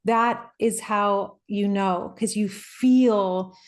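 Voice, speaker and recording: A woman life coach giving a reflective, earnest motivational talk, personal in tone, with soft laughs along the way. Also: mid-range voice, fairly even intonation, drawn-out words.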